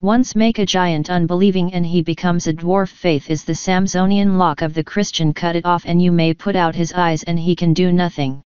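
Woman reading a sermon, very smooth voice. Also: lowish voice, fairly even intonation, moderate pace, few pauses, darkish tone, no room sound. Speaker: sermon reader. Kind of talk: read-aloud sermon. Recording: dry, slightly dull lo-fi recording.

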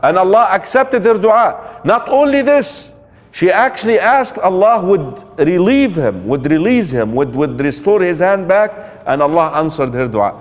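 A man's voice: high-pitched, animated, measured pace. A man giving a religious lecture in a storytelling way, asking the audience rhetorical questions and mixing in quoted Arabic phrases. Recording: long hall reverb.

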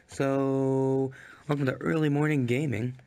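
A man's voice: medium pitch, steady tone, moderate pace. A man who has lost his voice and is short on sleep, giving rambling, self-deprecating commentary as he plays a game and swears at it now and then. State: hoarse, lost voice; tired from little sleep. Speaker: gaming channel host. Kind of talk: casual let's-play commentary. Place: home gaming setup, leaning back in chair.

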